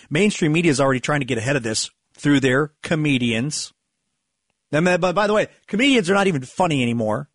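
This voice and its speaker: A man's voice: on the high side, no echo. Sarcastic, rambling man, dry sound. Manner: rambling, sarcastic, with frequent restarts and sighs. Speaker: political commentary host. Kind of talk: casual political monologue.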